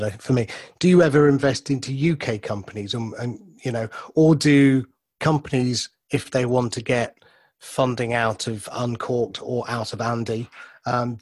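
A man's voice: medium pitch, dry recording. A male interviewer asking rambling, casual questions with restarts. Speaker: interview host.

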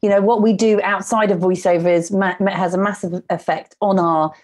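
A woman's voice: mid-range voice, fairly even intonation, moderate pace, darkish tone. A woman hosting a podcast interview, enthusiastic and affirming. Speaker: podcast host. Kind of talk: casual interview chat.

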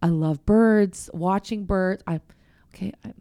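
A middle-aged woman hosting a faith podcast, talking candidly and chattily and sometimes dropping to a hushed voice. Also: medium pitch, measured pace, very noisy. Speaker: podcast host. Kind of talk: faith-based casual chat.

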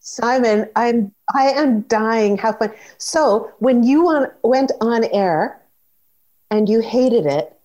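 A woman's voice: fairly high pitch, slow pace, darkish tone. A woman hosting a casual interview, amused and encouraging as she asks questions.

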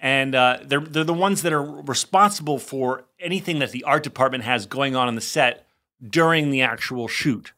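A man co-hosting a podcast in casual chat, telling animated stories and putting on voices for quotes. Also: medium pitch, normal speed. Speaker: podcast co-host.

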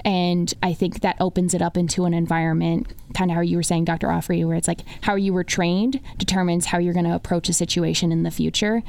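A woman's voice: on the low side, level tone, fast, vocal fry, hardly any pauses, darkish tone. A young woman, a medical student co-hosting a podcast, talking casually and rambling with lots of filler words. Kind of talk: casual chat.

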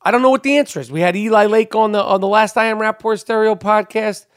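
A man in his forties hosting a podcast, ranting loudly and cursing often in an exasperated monologue. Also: sits high, fast, dry recording, clean studio sound. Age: 40s. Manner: loud, cursing, exasperated rant. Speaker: podcast host.

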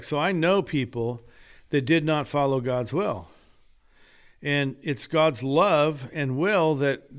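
An older man, a guest author, telling stories in an earnest, preacher-like way during a casual podcast conversation. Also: a little high. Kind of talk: casual chat.

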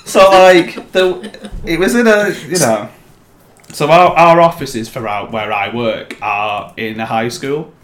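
A man co-hosting a podcast, chatting casually and telling animated stories, acting out quotes and swearing. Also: medium pitch, slow pace. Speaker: podcast co-host. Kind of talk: casual chat. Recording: echoey room.

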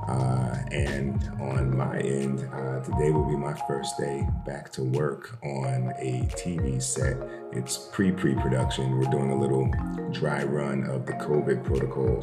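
A man hosting a conversational podcast interview, relaxed and dotted with fillers. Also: very deep voice, echoey room. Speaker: podcast host.

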